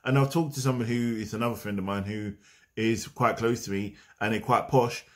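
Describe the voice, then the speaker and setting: A man's voice: on the low side, steady tone, fairly quick. Rambling man talking spirituality. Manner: meandering, conversational, drifting off on tangents. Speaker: spiritual vlogger. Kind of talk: casual spiritual talk to camera.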